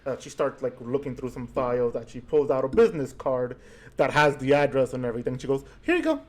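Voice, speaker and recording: A man running a tabletop game as game master, narrating with many pauses and fillers. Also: mid-range voice, flat delivery, a little mellow.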